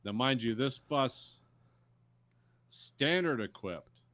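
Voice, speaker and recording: A man co-hosting a casual movie podcast, dropping deadpan joking asides. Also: mid-range voice, takes it slowly. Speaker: podcast co-host. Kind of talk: casual movie discussion chat.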